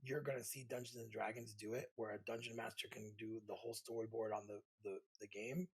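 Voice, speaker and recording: A man's voice: fairly low pitch, flat delivery, fairly quick, breathy edge, low-quality recording. A man co-hosting a gaming podcast, chatting casually and with enthusiasm. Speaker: podcast co-host. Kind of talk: casual chat.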